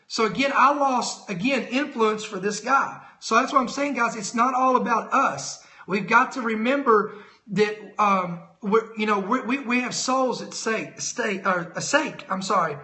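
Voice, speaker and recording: A middle-aged man giving a live sermon-style talk as host, telling stories with lots of quoted dialogue and quick self-corrections. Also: very high-pitched, sharp tone, roomy sound. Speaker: host of a Christian teaching stream.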